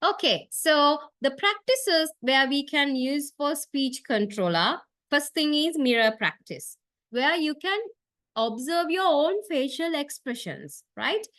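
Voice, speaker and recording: A woman's voice: high voice, expressive, slow, fairly bright tone, no echo. A woman lecturer giving a classroom lecture, explaining step by step and checking in with "okay?" and "right?". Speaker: university lecturer.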